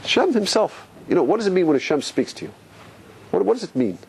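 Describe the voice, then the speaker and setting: A man, a rabbi, teaching a lively Torah class, questioning his listeners and repeating key points for stress. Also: high-pitched, fast, vocal fry, breathy edge.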